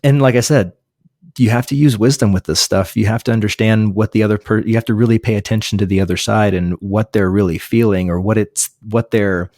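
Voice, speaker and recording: A pastor chatting as a podcast guest, discussing a book casually with many restarts and fillers. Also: male voice, on the low side, steady tone, fairly quick, darkish tone, no echo, clean studio sound.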